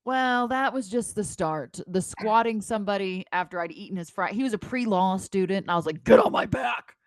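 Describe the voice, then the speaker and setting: A woman in her thirties co-hosting a podcast in casual chat, animated and joking, quick to tease. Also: mid-range voice, no echo. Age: 30s. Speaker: podcast co-host.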